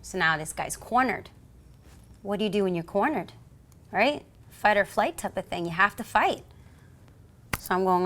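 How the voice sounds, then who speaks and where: This New York–accented American woman has a medium-pitched voice, a moderate pace, and frequent pauses. As a police officer being interviewed, she tells an animated story, theatrically performing the different voices in it.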